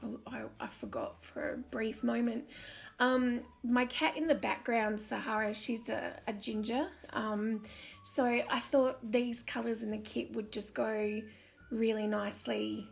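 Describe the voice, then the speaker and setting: A woman's voice: a little high, unhurried, gravelly, soft background music. A woman with an Australian accent, chatty and self-deprecating, who laughs often while narrating her crafting video. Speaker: crafting channel host.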